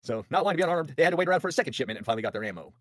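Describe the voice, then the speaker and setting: A man hosting a casual podcast, spinning a history yarn with quick, jokey asides. His pitch jumps around a lot as he talks at a rapid clip. The sound is dry and close. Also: no room sound. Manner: fast, animated, jokey retelling with voiced asides. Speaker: podcast host.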